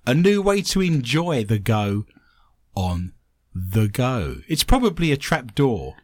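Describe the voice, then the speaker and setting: A man hosting a comedic chat show, joking in an animated way and slipping into silly voices. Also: medium pitch, slow pace, no echo. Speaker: show host.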